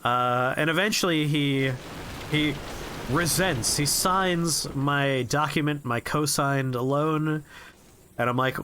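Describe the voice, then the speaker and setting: A man streaming a game, rambling through profane, relaxed anecdotes as he plays. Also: on the high side, takes it slowly, background noise. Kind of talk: casual gameplay commentary and storytelling.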